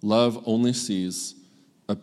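A male pastor preaching a sermon, earnest and emphatic, with dramatic pauses. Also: fairly low pitch, fairly even intonation, a little mellow, in a large hall.

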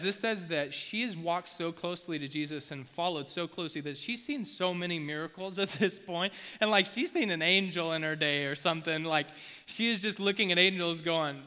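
Male preacher, slightly high, bright and forceful delivery, relaxed slangy sermon style, long hall reverb. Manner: casual, slangy, energetic preaching with asides.

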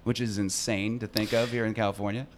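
A man's voice: lowish voice, little pitch movement, fairly quick, a little hiss or hum. A man chatting casually on a podcast, explaining at length with plenty of fillers and enthusiasm. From United States. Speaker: brand representative guest.

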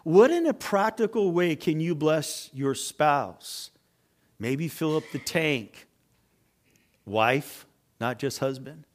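A man's voice: a little high, takes it slowly. A middle-aged man preaching a sermon as pastor, telling stories with acted-out voices and building to emphatic points. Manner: animated storyteller, acts out voices, rising to emphatic preaching.

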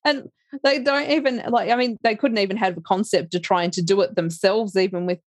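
A woman's voice: medium pitch, fairly quick, no echo, clean studio sound. Chatty woman, laughing often. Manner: chatty, laughs often, many restarts and fillers. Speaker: interview guest, life coach. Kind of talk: casual interview chat.

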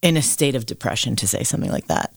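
Mid-pitched voice, thoughtful podcast co-host, long explanations, quick asides, dry close mic. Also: lively intonation, vocal fry, slightly rough, no room sound. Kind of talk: casual faith discussion.

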